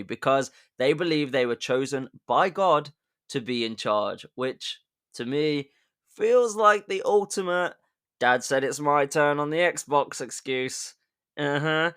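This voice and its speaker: A man's voice: mid-range voice, fairly bright tone, clear, resonant tone. A man hosting a comedic history podcast, chatty and jokey, with sudden emphatic bursts and asides. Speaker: podcast host.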